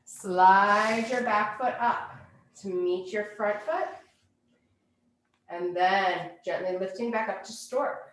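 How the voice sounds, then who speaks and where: A woman teaching a yoga class, giving calm, unhurried cues for poses and breathing. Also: mid-range voice, echoey room. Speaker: yoga instructor. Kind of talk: guided yoga class instruction.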